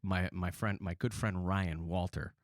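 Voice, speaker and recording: A man from Wisconsin with an Upper Midwestern accent, co-hosting a podcast in chatty, animated storytelling. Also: low voice, a little slow, no room sound, clean studio sound. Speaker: podcast co-host. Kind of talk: casual chat.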